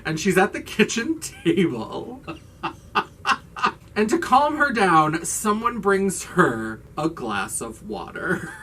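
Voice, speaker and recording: A woman hosting her channel, recapping a horror film in a casual, animated way and acting out the characters' lines. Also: on the low side, breathy edge, far from the mic. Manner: animated, acts out characters' lines, swears for laughs. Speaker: host.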